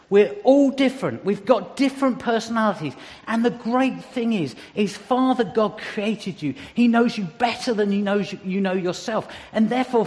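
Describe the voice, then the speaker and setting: High-voiced man preaching in a hall. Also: darkish tone. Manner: conversational with humorous asides. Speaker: church speaker. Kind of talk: sermon.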